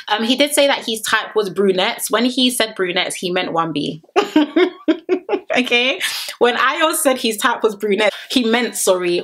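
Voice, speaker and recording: A woman chatting casually to camera as she reviews a reality show, playful and animated, stretching and singing words for effect. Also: medium pitch.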